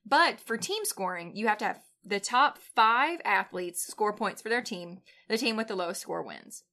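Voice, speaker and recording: A woman's voice: medium pitch, animated, normal speed, bright, forceful tone. A woman co-hosting a casual sports chat, playful and laughing often. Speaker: podcast co-host.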